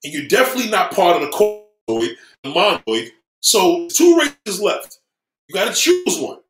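A man's voice: sits high, huge pitch swings, normal speed, over music. Profane, combative man ranting in echoey room. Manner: swearing, combative, mocking, repeats himself. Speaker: livestream host reading viewer comments. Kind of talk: profane livestream rant.

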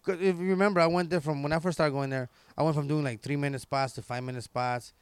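A man's voice: a little high, fairly even intonation, quick pace, clear, resonant tone. A man, a comedian telling rambling stories in casual chat. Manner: rambling, laid-back, lots of fillers. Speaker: stand-up comedian, podcast host.

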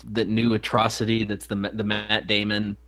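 Rambling low-voiced podcast co-host man. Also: completely flat delivery, normal speed, a bit bright, slight background noise. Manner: rambling, restarts often, swears casually. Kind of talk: casual chat.

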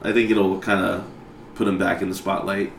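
A man's voice: sits low, flat delivery, moderate pace, creaky, echoey room, a little hiss or hum. A man co-hosting a podcast, chatting casually and laid-back, swearing and laughing often. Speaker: podcast co-host. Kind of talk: casual chat.

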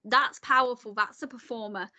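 Bright-voiced, animated woman. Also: fairly high pitch, moderate pace, lo-fi sound. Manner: animated, swears casually, opinionated. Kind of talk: casual chat.

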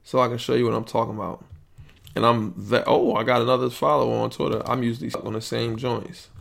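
A man's voice: medium pitch, fairly even intonation, fast talker, gravelly, a bit bright. A young man, hosting a podcast in loose, rambling, profane chat. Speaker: podcast host.

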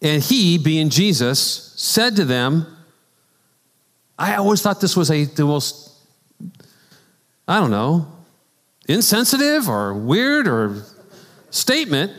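Male pastor, relaxed conversational preaching, slightly high-pitched, echoing sanctuary. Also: slow pace, long pauses. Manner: animated storytelling with asides and laughs. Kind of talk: conversational sermon. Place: church sanctuary. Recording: long church hall reverb.

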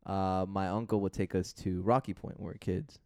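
Low smooth-voiced man telling stories. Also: brisk, dry recording. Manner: animated storytelling, acts out quoted voices; swears casually. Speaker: podcast co-host. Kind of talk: casual chat.

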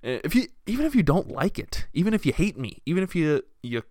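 A man's voice: on the high side, fast, dry recording, clean studio sound. A young man hosting a solo podcast, telling stories in a casual, profane way and acting out the people he quotes. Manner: casual, profane, storytelling with animated quoted voices. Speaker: podcast host.

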